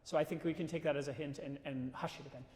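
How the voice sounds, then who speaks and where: A man coaching a singer in a live masterclass, casual and animated, breaking into sung phrases to show what he means. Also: fairly high pitch, fast. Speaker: voice teacher leading a masterclass. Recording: roomy hall reverb.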